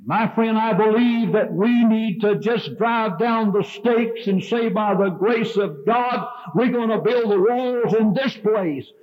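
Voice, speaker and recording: High-voiced fervent preacher, older. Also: male voice, takes it slowly, few pauses. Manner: fervent, rising and falling preaching cadence. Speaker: Baptist preacher. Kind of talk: revival sermon. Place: church sanctuary. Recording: dull lo-fi sermon tape.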